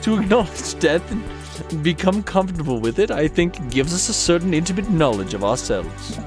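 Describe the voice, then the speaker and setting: A man's voice: on the high side, very animated, moderate pace, voice pushed up. A man voicing a formal, melancholy gothic man from a dating game, with theatrical, old-fashioned diction, read aloud on a live stream. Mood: wistful. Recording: game music playing behind.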